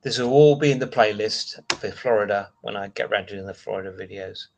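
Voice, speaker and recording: A man's voice: lowish voice, brisk, vocal fry, darkish tone, slight background noise. Chatty British man rambling on a live stream. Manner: rambling, chatty, answers viewer comments between asides. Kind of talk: casual live-stream chat.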